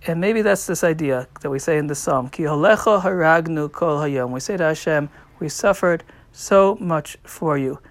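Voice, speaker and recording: A man's voice: on the high side, normal speed, no echo. A man teaching a religious lesson with a story, acting out the quotes with rising and falling volume. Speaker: rabbi teaching. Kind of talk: Torah talk with a story.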